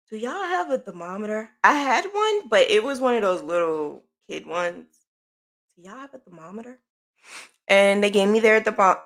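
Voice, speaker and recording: A middle-aged woman hosting a podcast, telling a personal story in a chatty, animated way with sighs and self-corrections. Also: on the low side. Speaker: podcast host.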